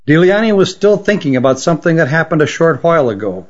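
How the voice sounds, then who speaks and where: Guy reading a fantasy story, steady and even, kinda muffled audio. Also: a little high, fast talker. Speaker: audiobook narrator. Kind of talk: scripted narration. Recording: dull lo-fi recording.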